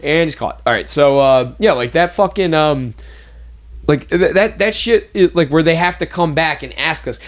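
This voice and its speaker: A young podcast host rants loosely in casual chat, rambling fast with plenty of fillers and swearing. His voice is fairly high-pitched and fairly bright.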